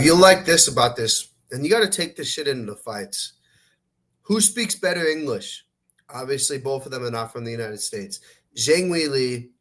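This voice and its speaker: A brash, profane man running a casual sports podcast. His voice sits at an ordinary middle pitch, and he rattles through fight picks with loud bursts and plenty of swearing. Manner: brash, profane, fast-talking. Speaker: podcast host.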